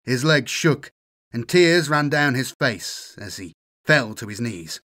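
Lively male audiobook narrator. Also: mid-range voice. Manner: measured, expressive narration. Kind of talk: dramatic story reading.

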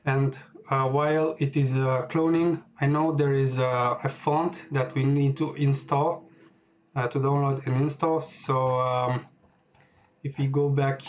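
A man walking through a software setup on screen, speaking hesitantly with many filler words as he types. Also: medium pitch, lo-fi sound, slight background noise. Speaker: programming tutorial host. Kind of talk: screen-recorded software tutorial.

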